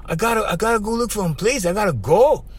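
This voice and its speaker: Man voicing a young woman, high pitched, tearful, exhausted, pidgin-style phrasing. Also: lively intonation, fast talker, husky. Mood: upset.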